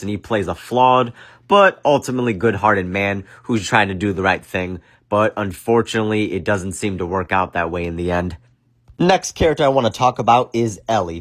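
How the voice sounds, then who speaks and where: A man hosting a casual film review, joking crudely and swearing often. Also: on the low side. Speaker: movie review host. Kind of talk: casual profane film commentary.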